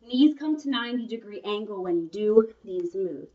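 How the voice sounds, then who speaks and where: A woman's voice: mid-range voice, lively intonation, moderate pace, dark tone, far from the mic. A young adult woman giving a workout lesson in a chatty, encouraging way. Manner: chatty, encouraging, breaks off with laughs. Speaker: fitness instructor. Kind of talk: workout instruction video. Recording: muffled, from away from the mic.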